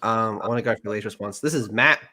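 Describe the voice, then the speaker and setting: A man's voice: lowish voice, quick pace, pushed and bright. A man with an Australian accent, co-hosting a podcast, chatting bluntly and reading out comments. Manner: blunt and crude. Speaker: podcast co-host. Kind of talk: casual chat, reading out comments.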